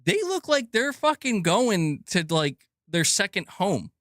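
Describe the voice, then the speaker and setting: A fairly high-voiced man rants about the gaming industry in a loose, profane, rambling way, stumbling over restarts and breaking into laughter. He mocks the people he talks about in put-on voices. The sound is dry and close, with no room echo. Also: very animated, unhurried, a bit bright. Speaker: gaming news host. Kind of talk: casual opinion rant.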